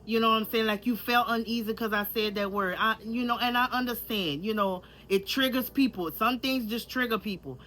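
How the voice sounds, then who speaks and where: Her voice runs on the high side, brisk and a bit bright with few pauses. She's a vlogger with a country Louisiana accent, chatting candidly to her viewers, speaking to them directly and repeating herself.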